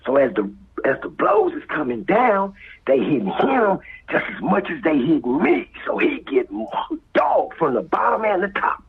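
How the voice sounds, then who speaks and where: A man with a Los Angeles accent telling a street story as a guest, acting out voices and sound effects and dropping to whispers, with a very husky voice. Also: sits high, huge pitch swings, normal speed. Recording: tinny phone-like line.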